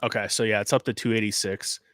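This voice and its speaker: A man co-hosting a sports betting show in casual chat, relaxed and hesitant, thinking aloud with restarts. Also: lowish voice, quick pace, dry recording, clean studio sound. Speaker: sports betting podcast co-host.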